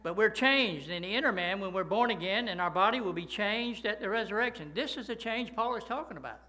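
A man's voice: high-pitched, lively intonation, a little fast, sharp tone. A male pastor preaching a sermon, reading scripture and checking in with the congregation with frequent "right?" asides. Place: church.

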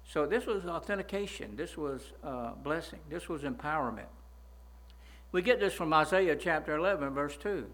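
Emphatic higher-voiced male preacher. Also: expressive, moderate pace, a bit bright. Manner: emphatic, repeats words, asks listeners "right?". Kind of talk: sermon.

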